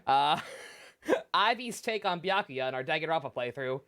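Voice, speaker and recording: A woman's voice: deep voice, expressive, moderate pace, a bit bright. A young woman streaming a game, chatting casually, swearing and laughing often. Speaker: let's play streamer. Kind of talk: game commentary.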